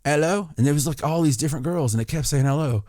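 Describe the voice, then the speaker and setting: A man's voice: on the high side, very fast, dark tone, dry recording, studio quality. A man co-hosting a podcast, telling a rambling anecdote full of restarts and chuckling at his own story. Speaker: podcast co-host. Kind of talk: casual storytelling chat.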